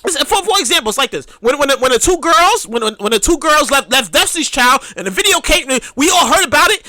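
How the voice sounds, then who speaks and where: A tipsy podcast host ranting loudly in a casual, excitable way, often shouting and restarting sentences. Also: high voice, fast, dry recording. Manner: rambling with many restarts.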